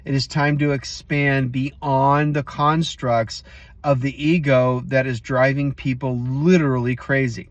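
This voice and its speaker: A man's voice: mid-range voice, steady tone, measured pace, no room sound. A man hosting a motivational vlog, telling a story casually and speaking straight to his viewers. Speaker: host.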